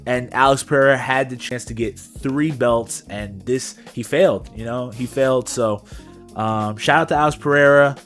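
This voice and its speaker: A man's voice: medium pitch, normal speed, fairly bright tone, faint music behind. A young man co-hosting a podcast, recapping fights in casual, slangy chat and adding his own punch sound effects. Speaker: podcast co-host.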